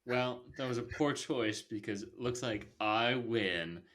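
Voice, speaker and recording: A man's voice: medium pitch, measured pace, fairly bright tone. A man hosting a podcast, talking loosely with lots of fillers and giving blunt movie opinions. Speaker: podcast host. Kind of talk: casual movie review chat.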